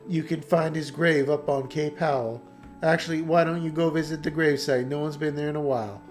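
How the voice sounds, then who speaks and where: A man's voice: on the high side, fairly even intonation, brisk, soft background music, lightly acted. A man voicing a young village girl in a game playthrough, reading her dialogue plainly. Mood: wistful.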